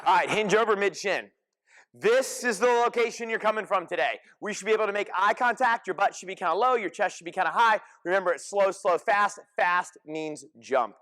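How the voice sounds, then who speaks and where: A fitness coach with a high-pitched male voice leads a group class. He talks in short, energetic commands and calls out cues as his class moves. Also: fairly quick. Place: gym class.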